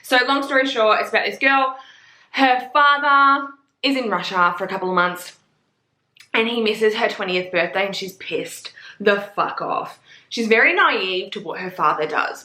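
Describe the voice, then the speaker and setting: A woman's voice: a little high, reverberant. A young Australian woman with an Australian accent, gushing and swearing in a casual book review vlog. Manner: gushing, profane, excitable.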